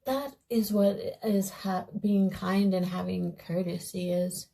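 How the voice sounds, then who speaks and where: Brief: young female vlogger, unhurried casual storytelling over makeup, soft-spoken and meandering. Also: mid-range voice, steady tone, creaky, low-quality recording. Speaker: beauty vlogger.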